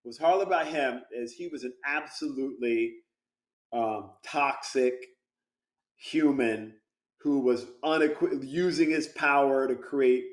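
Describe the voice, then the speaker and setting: A man chatting as a guest actor over a video call, telling stories with lots of laughter. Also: medium pitch. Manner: animated storyteller, laughs often. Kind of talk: casual interview chat.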